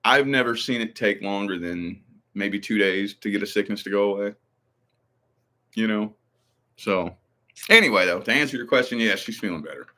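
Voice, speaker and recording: A man hosting a casual stream, telling stories in a rambling, profane, animated way. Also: fairly low pitch, moderate pace, long pauses. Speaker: channel host. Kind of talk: casual livestream chat.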